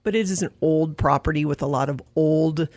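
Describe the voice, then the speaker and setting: An upbeat woman from an animal shelter talks warmly about an adoptable dog on a morning radio show. Her manner is gushing and casual. The sound is dry and close. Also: sits low, a little fast, no room sound.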